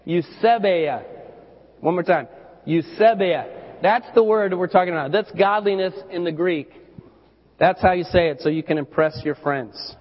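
A man's voice: high-pitched, brisk. A man pastor preaching a sermon in a loose, conversational way, often repeating words as he goes. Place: church hall. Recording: dull lo-fi recording with hall reverb.

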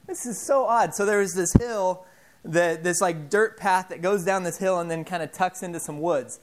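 A man in his thirties giving an informal sermon, telling stories in a halting way with many fillers and restarts. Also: sits high. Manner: animated, self-deprecating storyteller. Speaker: preacher.

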